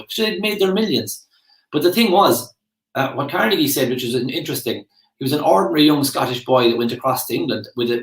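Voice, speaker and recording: An Irish man in his forties rambles through a casual monologue, chatty and full of self-aware asides. His pitch sits in the middle, and the room around him is echoey. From Ireland. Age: 40s. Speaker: motivational speaker.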